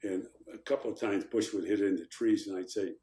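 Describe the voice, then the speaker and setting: An older former congressman tells stories and plays out the voices of the people in them. His voice sits low, and the room around him has a noticeable echo. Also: brisk. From Chicago, USA. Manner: animated anecdotes, acting out quotes. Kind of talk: storytelling in a podcast interview.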